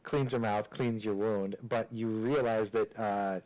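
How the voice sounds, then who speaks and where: Low-voiced man running a tabletop game. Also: fairly even intonation, measured pace, a little mellow, poor audio. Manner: casual, chatty narration full of "kinda" and "like". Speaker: game master. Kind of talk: narrating a tabletop role-playing game.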